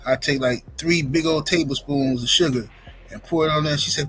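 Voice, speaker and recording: A man's voice: fairly high pitch, steady tone, a little fast, a bit bright, husky, soft background music, rough recording. A man in a laid-back, rambling casual podcast chat.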